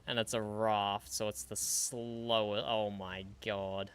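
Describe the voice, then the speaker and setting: A man's voice: lowish voice, little pitch movement, slow pace, hardly any pauses, fairly bright tone, clear, resonant tone. A man streaming a video game, chatting in a dry, matter-of-fact way and chuckling often. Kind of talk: casual gaming livestream chat.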